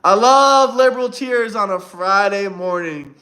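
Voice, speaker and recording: Talking to his chat on a casual livestream, this host taunts and mocks his viewers. His voice sits high, with a sharp tone, and he speaks a little slowly.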